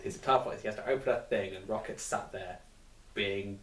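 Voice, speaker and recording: A man's voice: lowish voice, brisk. Man reviewing a film in loose chat, roomy sound, mic set back from him. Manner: rambling, swears casually, acts out quotes. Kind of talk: casual chat. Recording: echoey room, mic at a distance, faint noise.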